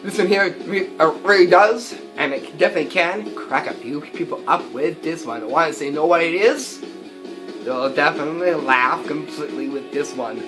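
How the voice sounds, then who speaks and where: A man's voice: a little high, moderate pace, over music. A man hosting a prank tutorial, explaining with enthusiasm and plenty of fillers as he shows his props. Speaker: magic and prank video host. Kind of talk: how-to demonstration.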